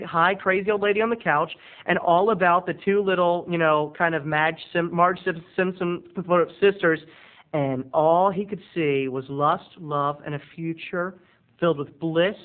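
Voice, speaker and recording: A camp, rambling man telling a funny family story. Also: a little high. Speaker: video blogger. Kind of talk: comic storytelling to camera. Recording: lo-fi, phone-like webcam audio.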